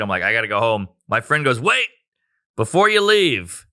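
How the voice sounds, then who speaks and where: A man spins a wild story in a loose, casual chat, swearing freely and acting out quotes with noises and voices. His voice is very bright and sits in the middle of the range. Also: medium pitch, brisk. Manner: animated, profane, acts out quotes with sound effects. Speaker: comedian guest telling a story.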